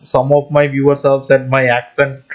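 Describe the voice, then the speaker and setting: A man's voice: mid-range voice, monotone, moderate pace. A man hosting his own channel, rambling in a casual monologue with frequent little laughs and constant asides to his viewers, speaking English as a non-native speaker. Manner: rambling, often laughs mid-sentence, keeps addressing viewers as guys. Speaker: channel host. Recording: dull lo-fi audio.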